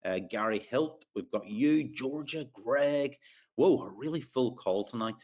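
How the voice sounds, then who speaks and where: Hosting a live sales webinar, this Irish-accented man has a medium-pitched, darkish voice with lively intonation, speaking a little slowly over dull audio. He chats, leans on plenty of fillers, and calls out audience members' names along the way.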